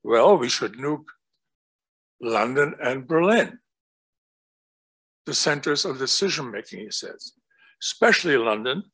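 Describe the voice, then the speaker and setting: A man giving an academic talk, animated and storytelling, often asking rhetorical questions. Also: medium pitch, a little slow, pauses often, breathy edge, low-quality recording. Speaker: guest lecturer.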